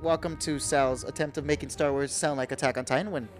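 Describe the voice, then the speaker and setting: Male co-host, casual, talks fast and curses, with low music behind. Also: fairly even intonation. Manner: rapid, profane, acts out quotes. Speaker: podcast co-host. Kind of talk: casual chat, retelling an anime episode.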